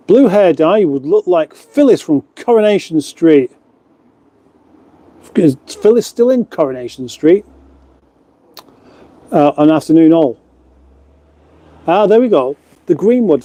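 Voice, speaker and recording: A middle-aged man from England chats his way through a relaxed livestream from his lockup garage, reading out viewer comments and poking fun at himself in rambling asides. His voice sits a touch high, with a warm, mellow tone. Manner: chatty, self-mocking, rambling asides. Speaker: livestream host. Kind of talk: casual live chat reading viewer comments. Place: lockup garage in front of a fridge.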